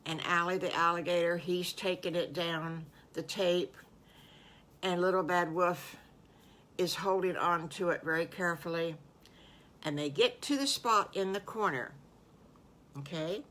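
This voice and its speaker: Older woman, fond children's storyteller, slightly low voice, chatty. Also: measured pace, long pauses. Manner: warm, doting, chatty with fillers.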